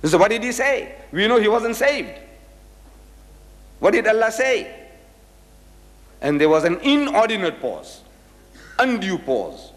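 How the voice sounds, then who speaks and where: Lively older man lecturing in a hall. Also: sits high, measured pace, pauses often. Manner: storytelling, acting out quoted voices. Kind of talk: religious lecture telling anecdotes.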